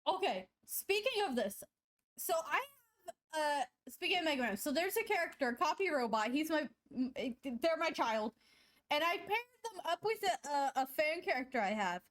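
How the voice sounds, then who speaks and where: A high-pitched woman chats with her live stream audience while she draws. She rambles playfully, breaking into giggles mid-sentence and teasing herself. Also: very animated, normal speed, fairly bright tone. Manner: playful self-mocking banter. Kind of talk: casual chat to stream viewers while drawing.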